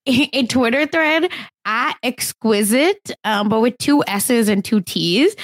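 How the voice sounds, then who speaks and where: Lively young woman gossiping on a podcast. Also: a little high, no echo. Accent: Indian. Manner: animated, chatty, laughs often. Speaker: podcast co-host. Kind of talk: casual celebrity gossip chat.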